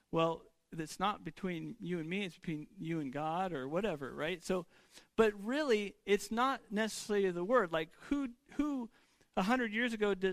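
A man delivers a sermon as a pastor, his voice sitting high for a man. He talks in a loose, conversational way, stumbling and restarting, tossing rhetorical questions at his listeners. The sound is dry and close, with no room echo. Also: a bit bright.

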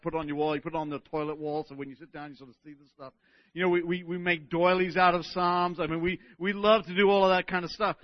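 High-voiced male preacher, keeps asking "right?", dull dry recording. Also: no echo. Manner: animated, keeps asking "right?", restarts words. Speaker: pastor. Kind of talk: sermon.

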